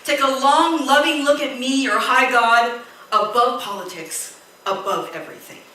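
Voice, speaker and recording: Woman pastor, animated sermon delivery, higher voice, recorded in a very echoey hall. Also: normal speed. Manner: animated storytelling with quoted voices. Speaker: preacher. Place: church hall. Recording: echoey church hall, distant mic.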